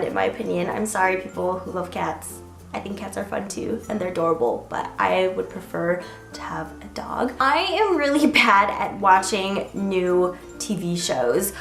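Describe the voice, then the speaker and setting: A woman's voice: mid-range voice, fairly bright tone. A young woman chatting casually to camera in a vlog, bubbly and giggly, with lots of "like" fillers. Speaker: vlogger. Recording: roomy echo, faint music behind.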